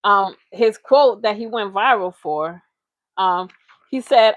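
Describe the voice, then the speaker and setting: A woman's voice: mid-range voice, animated, moderate pace, dry recording. A young adult woman hosting a casual commentary channel, mocking and rambling playfully with made-up words. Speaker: reaction channel host.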